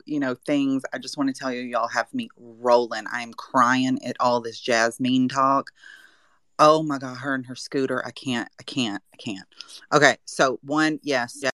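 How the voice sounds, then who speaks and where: A woman's voice: very deep voice, fairly bright tone, no room sound. Southern woman rattling off her hot takes one by one, dry close phone sound. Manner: brisk, counts points off one by one, emphatic. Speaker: caller in a live audio chat. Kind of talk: casual reality-show reaction.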